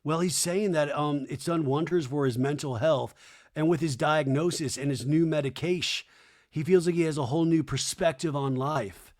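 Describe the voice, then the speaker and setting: Chatty, animated man recapping TV. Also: fairly high pitch, normal speed. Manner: animated, chatty, frequent impressions. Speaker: podcast host. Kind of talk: casual comedic TV recap.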